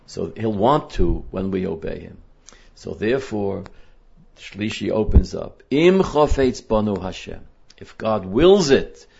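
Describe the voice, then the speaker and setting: Man, Torah teacher, husky gravelly low voice, emphatic lesson delivery, muffled lo-fi sound. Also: darkish tone. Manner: earnest, emphatic, quotes Hebrew verses then translates. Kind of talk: weekly Torah portion lesson. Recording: dull lo-fi recording.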